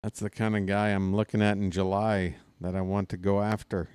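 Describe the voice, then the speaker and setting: A man doing casual live baseball play-by-play from his apartment, wisecracking and drifting into asides between pitches. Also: flat delivery, moderate pace, a little mellow, smooth, no echo, studio quality. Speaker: play-by-play broadcaster. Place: home apartment.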